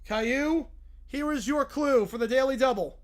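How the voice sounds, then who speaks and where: A male game-show host reads out clues in a steady announcer's delivery, as a man puts him on. He keeps a polished, presenting tone throughout. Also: extremely high pitch, normal speed, pitched above the performer's own voice. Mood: announcing. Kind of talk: reading a fan script aloud with voices.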